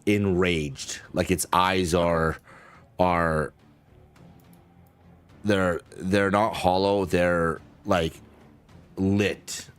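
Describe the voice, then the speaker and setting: Deep voiced guy dm, slow and halting, lots of ums, faint music behind. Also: steady tone, clean tone. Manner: hesitant, many fillers and restarts. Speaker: game master. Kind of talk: narrating a tabletop game.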